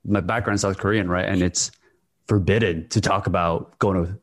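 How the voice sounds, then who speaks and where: A man hosting a podcast interview, relaxed and supportive, talking casually with words like "dude" and "like". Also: low voice, moderate pace. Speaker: podcast host.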